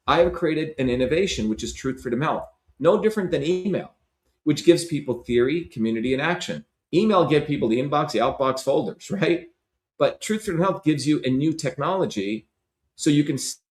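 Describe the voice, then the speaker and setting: A man's voice: fairly high pitch, roomy sound. A man as an interview guest, talking in an impassioned, emphatic way and often tagging on "right?" and "you see?". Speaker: interview guest, Senate candidate.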